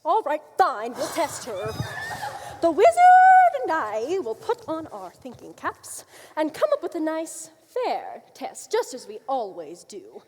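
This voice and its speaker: A woman's voice: high-pitched, wildly swooping pitch, measured pace, noisy background, exaggerated voice. A woman playing a domineering, scheming middle-aged queen in a live stage musical, bossy and scornful, recorded by a far camera. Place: theater stage. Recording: reverberant theater.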